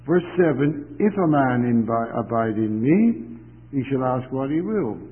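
A man preaching a sermon, reading scripture slowly and rising sharply in emphasis on commands. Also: mid-range voice, expressive. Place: chapel. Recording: tinny phone-like sound in a reverberant hall.

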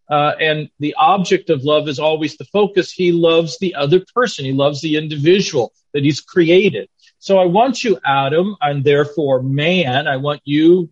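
A man's voice: a little high, husky. An older man giving a plainspoken, earnest sermon to men in a conversational way. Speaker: lay preacher teaching men. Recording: dull lo-fi recording.

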